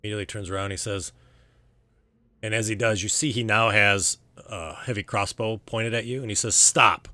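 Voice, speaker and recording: A man narrating a tabletop game as game master, talking in a relaxed way and pausing with plenty of fillers. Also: fairly low pitch, no room sound.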